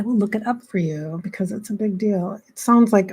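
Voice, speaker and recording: A woman's voice: medium pitch, lively intonation, normal speed, hardly any pauses, slightly rough. A woman life coach talking casually and frankly to her viewers, blunt and chatty, swearing freely and quoting herself as she goes. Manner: chatty, quotes herself with "I'm like". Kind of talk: casual motivational talk to camera.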